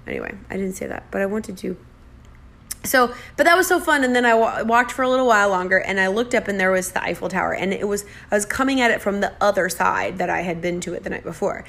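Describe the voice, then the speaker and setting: A woman's voice: mid-range voice, fast, creaky, fairly bright tone. A woman from the United States casually telling a chatty, self-deprecating travel story and acting out the dialogue.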